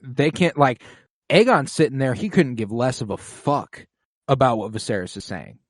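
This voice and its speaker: A man's voice: medium pitch, expressive, normal speed, dry recording, clean studio sound. A man co-hosting a podcast, chatting casually and profanely as he recaps a TV episode. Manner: profane, loose, acts out characters in quotes. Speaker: podcast co-host.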